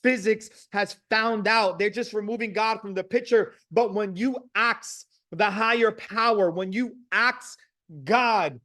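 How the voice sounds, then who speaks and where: Very high-voiced male motivational speaker. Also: unhurried, a bit bright. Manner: preachy, emphatic, repetitive. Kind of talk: motivational speech with storytelling.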